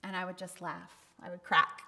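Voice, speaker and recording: A woman's voice: fairly low pitch, little pitch movement, moderate pace, creaky, pushed and bright. A woman pastor giving a candid, conversational sermon with bursts of emphasis, recorded in a church. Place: church sanctuary. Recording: long reverb of a church hall.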